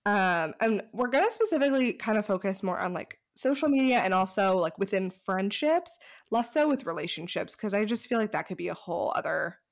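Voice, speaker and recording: A woman's voice: medium pitch, lively intonation, a little fast. A woman co-hosting a podcast in casual chat, chatty and saying "like" often. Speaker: podcast co-host.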